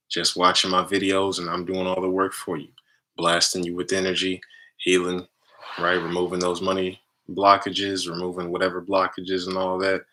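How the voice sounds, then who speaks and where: A man's voice: low-pitched, sharp tone. A man talking casually about energy healing, tagging almost every phrase with "right?". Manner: chatty, tags nearly every phrase with "right?". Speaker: spiritual healer and content creator. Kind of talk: casual promotional monologue.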